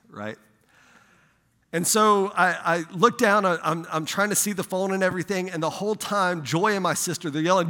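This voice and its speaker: A man preaching as a pastor, telling a lively personal story in a sermon, growing loud and excited. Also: fairly high pitch, normal speed, big-room sound. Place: church sanctuary.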